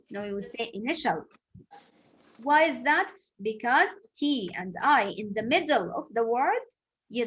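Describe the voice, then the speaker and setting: A woman's voice: fairly high pitch, bright, forceful tone, low-quality recording. Patient woman teaching English sounds. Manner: patient, repetitive explaining with examples. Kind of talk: phonics lesson.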